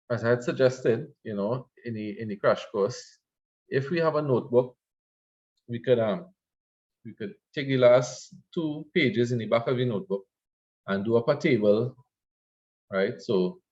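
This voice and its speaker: A man's voice: mid-range voice, a little mellow, dull audio. A man teaching an Arabic grammar class, explaining patiently and checking in with "right?" after each point. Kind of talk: online class lecture.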